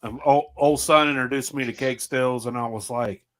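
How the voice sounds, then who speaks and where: A man's voice: medium pitch, steady tone, normal speed. A man guest chatting casually on a podcast, easygoing, laughing as he recalls stories and acts out quotes. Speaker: guest, moonshine partner.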